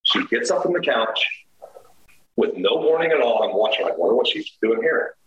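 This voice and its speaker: A man appearing as a guest storyteller tells a personal story in casual conversation, animatedly acting out what people said. His medium-pitched voice moves at normal speed with lo-fi sound, in an echoey room with faint noise.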